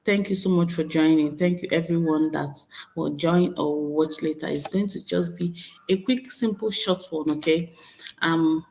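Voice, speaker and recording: A woman's voice: low voice, moderate pace, vocal fry, a little mellow, a little hiss or hum, rough recording. A woman from Nigeria chatting casually on a live stream, greeting viewers by name and asking them to follow her pages. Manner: greets viewers directly, repeats requests to follow.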